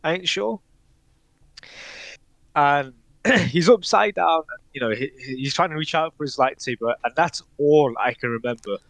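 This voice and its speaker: A man's voice: on the high side, normal speed, creaky, a bit bright, dry recording. A man co-hosting a casual podcast chat, talking hesitantly with many fillers and restarts and laughing often. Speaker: podcast co-host.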